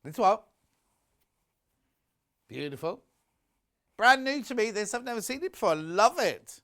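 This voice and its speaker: A man's voice: high-pitched, very animated, measured pace, a bit bright. A man presenting a live home shopping broadcast, chatty and gushing, reading out viewer messages as he shows products.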